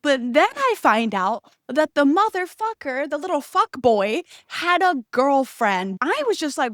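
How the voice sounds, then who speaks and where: A young woman hosting a podcast, telling a story in a casual, animated way, swearing freely and acting out the people she quotes. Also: high voice, moderate pace, hardly any pauses, no echo, clean studio sound. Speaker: podcast host.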